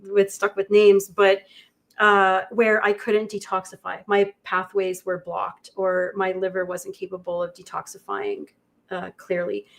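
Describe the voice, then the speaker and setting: A woman guest in a livestream conversation, speaking in a halting, reflective way with many pauses. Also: medium pitch, little pitch movement, creaky, fairly bright tone. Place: indoor studio.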